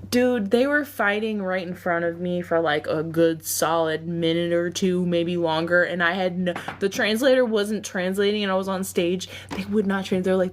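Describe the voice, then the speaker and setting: A woman's voice: fairly low pitch, fairly even intonation, moderate pace, few pauses. A woman hosting a livestream, chatting casually with her viewers and often breaking into laughter. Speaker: livestream host.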